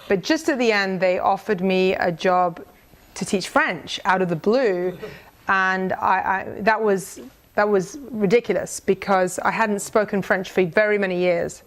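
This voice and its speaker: Middle-aged woman, testimony speaker at a church gathering, earnest and conversational, medium pitch. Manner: conversational, earnest, with many restarts and reading aloud a prayer. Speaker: speaker sharing a mission testimony. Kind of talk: personal testimony talk to a church group.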